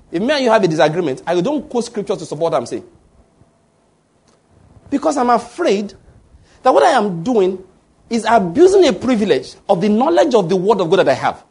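A man's voice: sits high, darkish tone, slightly rough. A man preaching a sermon, often asking the congregation fill-in-the-blank questions. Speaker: pastor.

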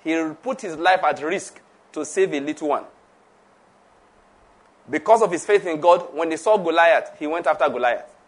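A man's voice: fairly high pitch, lively intonation, moderate pace, pauses often. A man preaching a conversational sermon, laughing often, repeating himself and asking the audience questions.

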